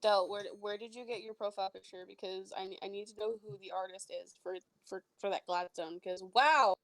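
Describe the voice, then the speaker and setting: Woman player, mid-pitched, gushing and eager. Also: flat delivery, a little fast. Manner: gushing, enthusiastic. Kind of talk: casual chat before a tabletop game.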